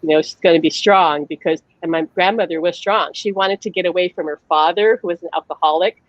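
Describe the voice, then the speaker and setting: Animated storytelling woman, dull lo-fi sound. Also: lowish voice, fast, dry recording. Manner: animated storyteller, laughs often. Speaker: psychic medium, host. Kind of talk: live-streamed conversation. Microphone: video call.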